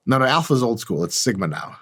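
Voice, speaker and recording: A man delivering a comedic advice monologue as host, mock-arrogant, boastful and profane. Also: brisk. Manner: lively, animated delivery with big pitch jumps. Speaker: channel host.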